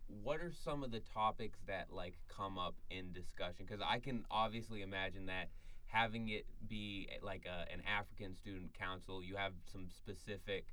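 A man's voice: low-pitched, fairly even intonation, normal speed, sharp tone. A young man co-hosting a student podcast in a studio, asking questions with lots of fillers and self-mocking jokes. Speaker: podcast co-host. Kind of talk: casual student podcast chat. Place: small college podcast studio. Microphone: studio mic.

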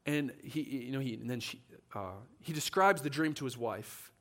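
A medium-pitched man speaking at normal speed preaches in a church, animatedly narrating a story and performing the quoted voices of the people in it.

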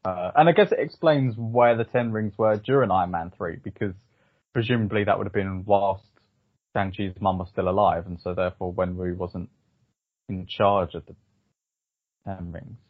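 Low husky man, hesitant. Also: steady tone, moderate pace, dry recording. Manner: hesitant, lots of ums and restarts. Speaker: podcast host. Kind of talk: casual film review chat. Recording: dull, slightly lo-fi dry sound.

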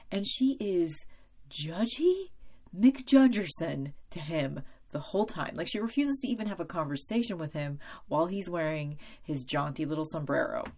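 A young woman talks on her own podcast in a loose, rambling way, poking fun at herself. Her voice sits low for a woman. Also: darkish tone. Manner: rambling, self-deprecating, with frequent laughs and fillers. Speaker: podcast host. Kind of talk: casual solo podcast commentary.

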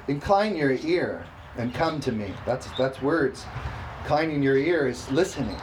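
A man preaching a sermon, reading scripture slowly and emphatically and calling for responses from the congregation. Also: mid-range voice, lively intonation, slight background noise, poor audio. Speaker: pastor.

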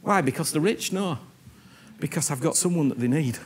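A man preaching a sermon, earnest and animated, repeating himself and often asking whether he is understood. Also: fairly high pitch, moderate pace.

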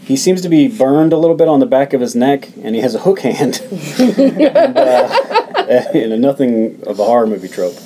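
Mellow-voiced man recapping a movie. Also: mid-range voice, moderate pace, slight background noise, poor audio. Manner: relaxed storytelling, hedges with uh and like. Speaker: podcast co-host recapping the film. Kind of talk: casual chat, plot recap.

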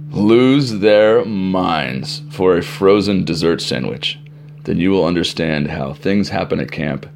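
A middle-aged man, a camp director, telling stories for an informal podcast in an animated way. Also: deep voice, creaky, slight background noise. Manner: animated storyteller, acting out crowd shouts.

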